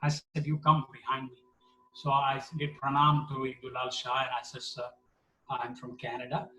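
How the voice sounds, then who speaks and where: Animated man telling stories in an echoey room. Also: medium pitch, moderate pace, far from the mic, slight background noise. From India. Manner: animated, acts out quotes with voices. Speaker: satsang speaker. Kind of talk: storytelling talk.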